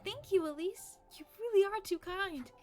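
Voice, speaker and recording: A woman's voice: very high-pitched, normal speed, faint music behind, voice pushed up. A woman playing a timid, apologetic young girl. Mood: grateful. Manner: soft, pleading, eager to please.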